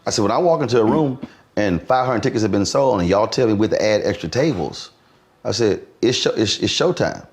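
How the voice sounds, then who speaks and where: A male interview host with a very low, gravelly voice. He tells his stories with lots of movement in his pitch and plays each person he quotes. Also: a little fast. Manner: animated storyteller, acts out quotes. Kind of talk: conversational interview.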